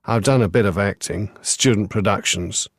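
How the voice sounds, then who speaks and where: A man's voice: lowish voice, moderate pace, slightly rough, no room sound, studio quality. A man voicing a lazy, educated male student in his late teens with an English Home Counties accent and a drawl.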